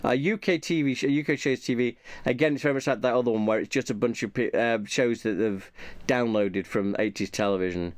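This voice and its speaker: A YouTuber reviews his subscriptions in a casual, off-the-cuff ramble, thinking aloud and often muttering repeated asides to himself. His medium-pitched voice moves fairly quickly, and the recording is dry.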